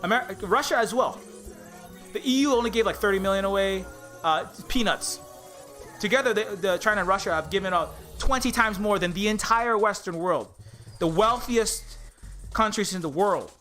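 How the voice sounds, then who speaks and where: Male streamer, high and tense delivery, angry cursing rant full of stammered restarts. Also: normal speed, sharp tone, faint music behind. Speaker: indie game developer streaming live. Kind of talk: heated political rant on a livestream.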